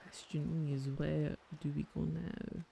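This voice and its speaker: Slow, gravelly-voiced streamer. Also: female voice, low voice, flat delivery, mellow, a little hiss or hum. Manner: slow, musing, swears casually. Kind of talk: casual gameplay commentary and reading aloud.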